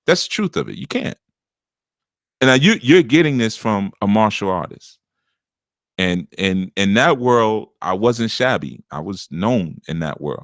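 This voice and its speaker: A man with a deep, rough, gravelly voice and a slight scratchiness up top, giving relationship advice as a spiritual teacher in a blunt, punchy, unscripted monologue. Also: no echo, clean studio sound. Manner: punchy, forceful, lecturing.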